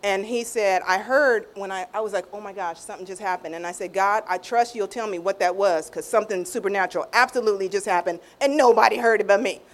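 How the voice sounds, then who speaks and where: Woman, mid-range voice, emotional testimony, animated, acts out quotes, hushed at tender moments. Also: medium pitch, fast talker, hardly any pauses. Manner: animated storytelling, acts out quotes in raised tones. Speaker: guest sharing a testimony.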